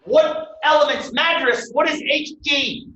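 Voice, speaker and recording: Man teaching a college class, bright forceful voice, recorded from afar, lo-fi. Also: extremely high pitch, a little slow, a little hiss or hum. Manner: lively, quizzes the class with questions. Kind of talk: classroom lecture. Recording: echoey room, distant dull mic.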